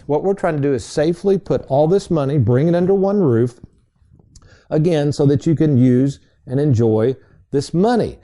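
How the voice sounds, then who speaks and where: Middle-aged male radio host, folksy storyteller, mellow warm tone, studio mic. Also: a little high, normal speed. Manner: folksy, addresses listeners as folks. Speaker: radio show host and financial advisor. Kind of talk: casual storytelling radio talk.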